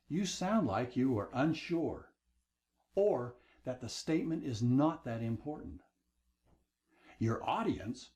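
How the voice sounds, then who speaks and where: A man giving a scripted talk on leadership communication, with an emphatic, expressive delivery. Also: medium pitch.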